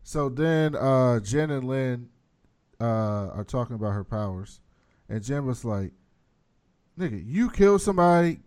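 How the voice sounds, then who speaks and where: A man's voice: medium pitch, fairly even intonation, unhurried, a little mellow, clear, resonant tone. A man in casual chat, recapping a TV episode and acting out the characters' lines with energy.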